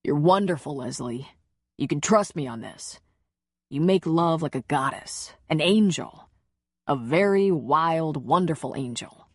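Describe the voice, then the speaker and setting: A woman narrator voicing a tender man who speaks softly and reassuringly in a low voice. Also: animated, a little slow, dry recording, clean studio sound.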